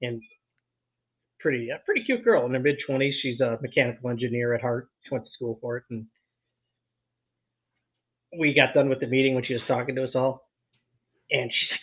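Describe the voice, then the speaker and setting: Male co-host, lively swinging pitch, husky, chatty, phone-like tinny mic with static. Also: fairly quick, pauses often. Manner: chatty, laughs often, reads the chat aloud. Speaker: co-host of a live movie watch-along. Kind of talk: casual chat.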